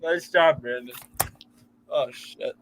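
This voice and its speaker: An American man co-hosting a live football watchalong, joking loudly and swearing freely. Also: mid-range voice, slow, a little hiss or hum. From United States. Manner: loud, profane, jokey. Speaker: co-host of fan watchalong. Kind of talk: casual live-stream chat.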